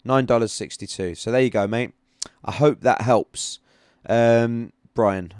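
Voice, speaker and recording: A man's voice: mid-range voice, a little slow, a little mellow, clean tone, no room sound, clean studio sound. A man hosting a casual livestream, chatting about charts in a rambling way that repeats itself. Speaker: livestream host. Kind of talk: casual live-stream chat with chart analysis.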